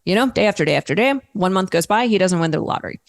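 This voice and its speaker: A woman guest in a casual interview, talking candidly and telling stories in a lively way, with the odd swear word. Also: lowish voice, rapid-fire.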